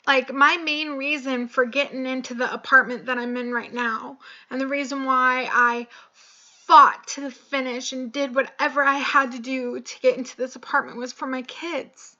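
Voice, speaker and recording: A young woman talking slowly and haltingly in a personal video, choked up and emotional, with many pauses and fillers. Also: high-pitched, little pitch movement, bright, forceful tone, highs cut off. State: tearful, choked up. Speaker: vlogger. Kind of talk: personal confessional vlog.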